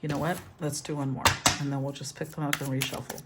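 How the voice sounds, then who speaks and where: A woman's voice: sits low, little pitch movement, quick pace, heavy background noise. A woman giving a casual tarot reading, soothing in tone, thinking aloud and rephrasing as she goes. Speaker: tarot reader.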